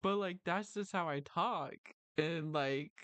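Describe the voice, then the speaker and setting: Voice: medium pitch, slow, a bit bright, no room sound. Mumbly, rambling livestream host, around thirty. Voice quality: round, mouthful, mumbled articulation. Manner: tangent-prone, self-correcting, frequent "like" and "you know". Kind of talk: casual rambling chat. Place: lives in New Jersey.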